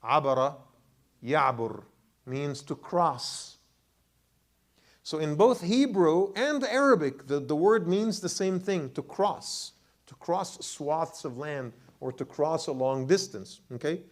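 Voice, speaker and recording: Imam giving a lively tafsir class. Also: male voice, on the high side, slow. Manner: questions the class, repeats words, many restarts. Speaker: imam teaching Quran commentary. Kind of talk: classroom lecture with questions to the audience.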